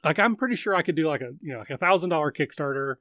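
A man hosting a live chat show, his voice sitting a bit higher than most men's. He rambles and thinks aloud, circling his point with many fillers. The sound is close and dry, with no room around it. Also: lively intonation, very fast, bright, forceful tone, no echo. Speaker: livestream host. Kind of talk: casual chat.

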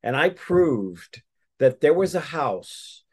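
A man's voice: a little high, sing-song, slow pace, breathy edge. Man rambling through a story. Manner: rambling, with many restarts and fillers. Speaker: guest. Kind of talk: casual storytelling interview.

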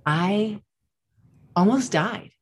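A woman voicing an excited, dramatic eighteen-year-old girl who talks in a bubbly, breathless rush. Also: medium pitch, drawn-out words, slightly rough, pitched above the performer's own voice, heavily acted.

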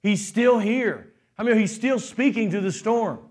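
A middle-aged male pastor delivers a sermon in a high voice. He preaches with animation, acting out the voices in his stories and stopping to quiz the congregation. His delivery moves between fast runs and slow, stressed phrases. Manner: animated preaching, acts out quoted voices, asks the crowd questions.

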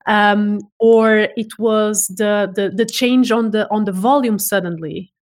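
A woman's voice: medium pitch, steady tone, slow pace. Woman voice expert chatting on an interview, keen, trips over words and restarts a lot. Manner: enthusiastic, many restarts and repeated words. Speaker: voice expert guest. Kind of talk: casual interview chat.

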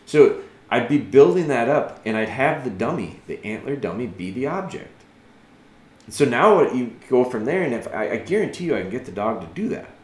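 A man giving patient, earnest dog-training advice as a podcast host, thinking aloud and dropping soft and slow when he models calm commands. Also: medium pitch, roomy sound. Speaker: dog trainer answering a listener.

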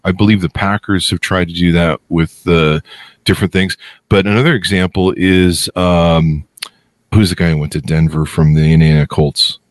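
A middle-aged man hosting a podcast, holding forth in a blunt, opinionated, animated way. His voice sits very low, and the recording is dry and close with no room sound. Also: normal speed, no room sound. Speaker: podcast host. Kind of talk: casual interview chat.

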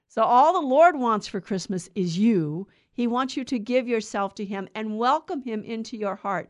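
A woman's voice: fairly high pitch, expressive, moderate pace, few pauses. A woman reading a gospel passage and then giving a chatty, conversational homily with small laughs. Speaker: preacher giving a gospel reflection. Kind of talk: informal homily.

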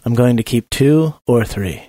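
A man's voice: medium pitch, lively intonation, unhurried, dark tone, no echo, clean studio sound. A man playing a tabletop role-playing game, joking and bargaining stubbornly in character. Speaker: player. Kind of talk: casual tabletop role-play chat.

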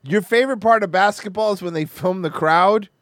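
A man's voice: high-pitched, brisk, a bit bright, no room sound. A man hosting a stream, mocking a video he is watching with crude, laughing commentary. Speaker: stream host riffing on a video.

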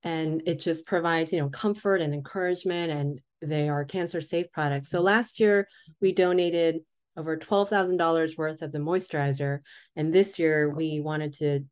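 A woman's voice: sits low, steady tone, normal speed, darkish tone, smooth. A woman guest who founded a skincare company, explaining her program in an earnest, plain way. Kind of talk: interview answers.

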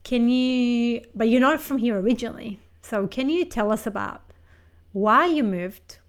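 A woman interviewer asking reflective questions and responding in a thoughtful, measured way. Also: a little high.

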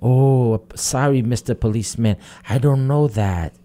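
A man's voice: mid-range voice, unhurried, dark tone, natural voice. A man doing a sheepish husband making excuses. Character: flustered husband pleading with a police officer.

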